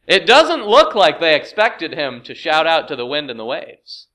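A middle-aged man preaching a sermon in a bright, forceful voice that sits a little high. He builds with rhetorical questions and acts out quoted voices as he goes. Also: very animated, normal speed, few pauses. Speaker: pastor.

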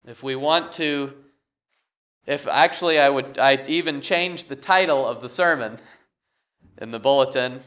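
A man's voice: fairly high pitch, bright, forceful tone. A man preaching a sermon as pastor, moving from a homey story into emphatic repeated scripture lines.

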